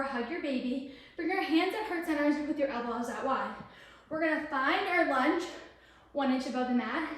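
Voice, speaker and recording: Breathless, encouraging woman counting reps. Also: high voice. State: a little out of breath. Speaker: prenatal fitness instructor. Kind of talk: guided workout instruction. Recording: very echoey room, from a distance.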